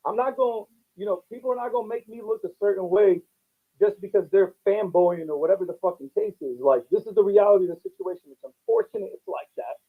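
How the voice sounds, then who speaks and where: Husky-voiced aggrieved battle rapper man. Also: sits high, fast talker. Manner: aggrieved, insistent, stumbling restarts. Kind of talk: heated interview talk. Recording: tinny lo-fi interview clip.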